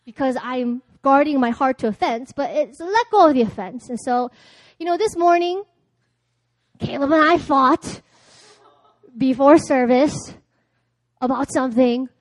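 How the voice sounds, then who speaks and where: A woman delivers a sermon, with a high voice heard dry and close. She tells personal stories, acts out both sides of conversations, and often laughs as she goes. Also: a little slow, no echo. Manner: storytelling, acting out dialogue, laughing often. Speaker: preacher. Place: church.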